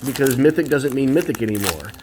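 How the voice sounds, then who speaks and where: A man's voice: medium pitch, animated, fast, noisy background. A man hosting a casual card-opening video at home, chatty and opinionated, with rambling asides. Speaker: card collector and video host.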